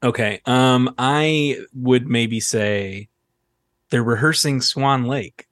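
A man's voice: mid-range voice, slow, fairly bright tone, dry recording, clean studio sound. A man co-hosting a podcast who thinks aloud in a hesitant, casual way. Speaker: podcast co-host. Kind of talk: casual chat.

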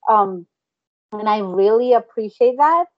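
A woman's voice: mid-range voice, measured pace, no echo. A woman co-hosting a podcast over a remote call, talking things through thoughtfully in casual chat. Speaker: podcast co-host. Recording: dull dry lo-fi call audio.

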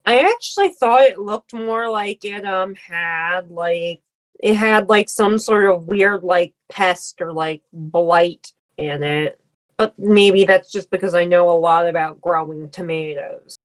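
A woman co-hosting a podcast, chatting casually about an anime with lots of fillers. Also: fairly low pitch. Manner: laid-back, drawn-out remarks full of fillers. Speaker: podcast co-host. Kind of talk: casual recap chat.

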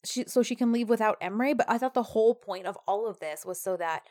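A woman's voice: a little high, brisk. A woman co-hosting a casual podcast, recapping a TV series episode by episode, exasperated and quoting the characters as she goes. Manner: animated, exasperated, quotes characters. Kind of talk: casual chat.

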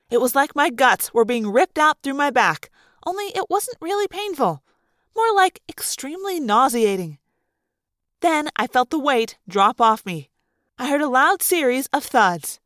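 A woman reading a novel aloud in first person, her high voice ranging widely as she tells the story. The recording is close and dry, with no room sound. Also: no echo. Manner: expressive storytelling. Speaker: audiobook reader. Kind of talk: first-person audiobook narration.

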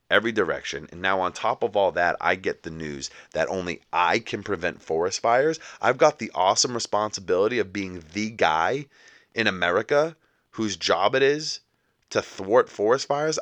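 Low-voiced man on a comic rant. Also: animated, moderate pace, fairly bright tone, no echo. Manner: exasperated, mock-indignant ranting. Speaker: podcast host.

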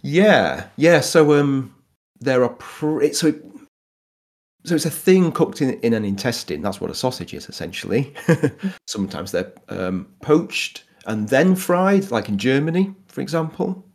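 A man's voice: medium pitch, big pitch swings, a little slow, a little mellow. A man from Yorkshire with a Yorkshire accent, chatting casually about food history, laughing often and restarting his sentences. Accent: Yorkshire English. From Yorkshire, England. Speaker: guest explaining food history. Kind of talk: casual conversational explanation.

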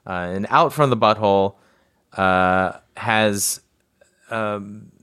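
A man co-hosting a casual podcast chat, describing things in slow, halting phrases and chuckling often. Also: lowish voice, fairly bright tone, smooth, no room sound, studio quality. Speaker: podcast co-host.

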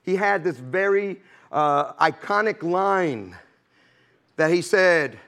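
A man's voice: sits high, animated, slow pace, a bit bright. A man preaching a sermon to his congregation in a conversational way, often checking in with "amen?" and "okay?" and laughing lightly between points.

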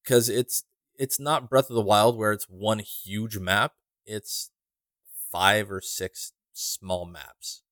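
A man's voice: on the low side, fairly even intonation, slow pace, a bit bright, no echo, studio quality. A man co-hosting a podcast in casual chat, rambling and wry, swearing now and then. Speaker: podcast co-host.

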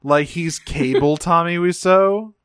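A man hosting a podcast, chatting casually with wry jokes and quick interjections. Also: a little high, clear, resonant tone, dry recording, clean studio sound. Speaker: podcast host.

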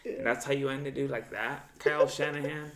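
A man talks loosely in a casual chat. His voice is gravelly, with a rough fry on it. He vents with plenty of swearing and acts out what he said to himself. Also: mid-range voice, fairly quick. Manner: profane, animated venting with quoted self-talk. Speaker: podcast co-host, football fan.

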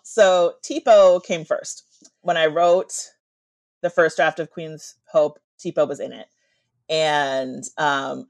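A woman author telling a story in casual chat, with a slight lisp on her z sounds and lively asides. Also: deep voice, no echo. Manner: animated storyteller, quick asides.

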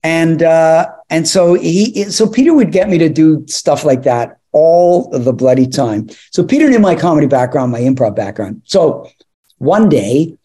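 Husky man telling rambling anecdotes. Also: a little high, a little slow. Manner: animated, rambling anecdotes with laughs and restarts. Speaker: actor guest. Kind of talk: interview storytelling.

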